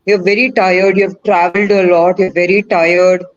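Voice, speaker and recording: A woman's voice: fairly low pitch, flat delivery, moderate pace. Encouraging woman, lo-fi call. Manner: asks the audience questions, coaxing and encouraging. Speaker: webinar presenter. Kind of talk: interactive online teaching talk.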